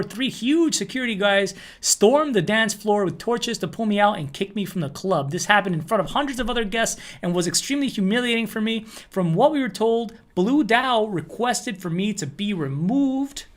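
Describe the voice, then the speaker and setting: A man's voice: high voice, a bit bright. A man hosting a crypto news show, reading a first-person account aloud and then commenting loosely with fillers and restarts.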